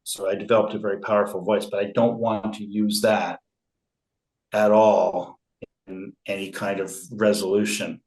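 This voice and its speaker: Low-voiced man, slow and measured. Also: level tone, darkish tone, echoey room, rough recording. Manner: slow, measured, with many fillers and restarts. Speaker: guest speaker on conflict resolution. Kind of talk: relaxed interview talk.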